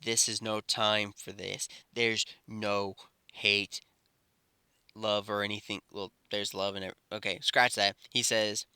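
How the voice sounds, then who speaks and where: A young man improvising a fan-fiction story, rambling and halting with many restarts. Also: on the low side, level tone, pushed and bright, smooth, no room sound.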